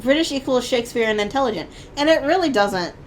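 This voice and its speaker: A woman's voice: sits high, animated, fast talker, a little hiss or hum. A woman in her thirties co-hosting a podcast, chatting casually with sarcastic, blunt asides and frequent laughter. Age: 30s. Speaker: podcast co-host. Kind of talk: casual chat.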